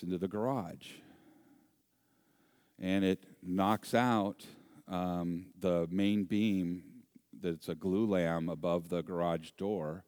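A middle-aged man preaching a sermon, telling a personal story in an animated, humorous way and acting out voices and sounds. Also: low-pitched, dry recording, clean studio sound. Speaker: pastor.

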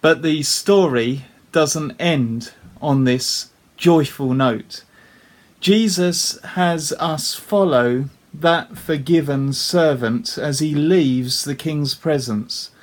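A male preacher retells a parable in a slow, deliberate sermon. His voice sits somewhat high for a man. He speaks earnestly and often turns to his listeners with rhetorical questions.

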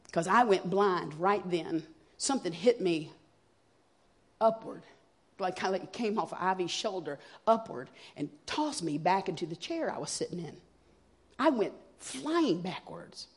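A woman, sharing her personal testimony as a guest speaker in an earnest, expressive storytelling manner. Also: medium pitch, slightly rough. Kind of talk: testimony sermon.

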